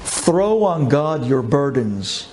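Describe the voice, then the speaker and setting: A man's voice: takes it slowly, a little hiss or hum. Fervent man preaching a story. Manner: fervent, pleading, swings from low calm to high emotional cries; repeats phrases for emphasis. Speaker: rabbi telling an inspirational story. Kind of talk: impassioned storytelling sermon.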